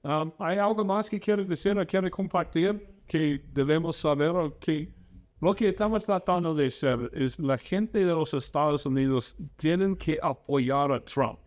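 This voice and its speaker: The podcast host here has a fairly high, slightly mellow voice and talks at a normal speed. Earnest and opinionated, he carries a casual political chat and moves into Spanish when interviewing.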